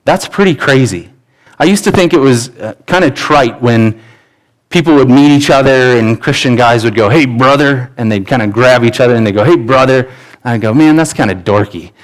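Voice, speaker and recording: A man's voice: mid-range voice, brisk, rough recording. A man in his thirties, a pastor, preaching a sermon in an earnest, conversational way with frequent restarts. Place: church sanctuary.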